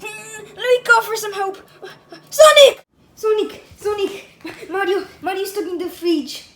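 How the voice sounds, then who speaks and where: A woman voicing Luigi as a flustered cartoon brother who shouts for help, over loud music. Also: extremely high pitch, level tone, a little slow, slight background noise, pitched above the performer's own voice, heavily acted.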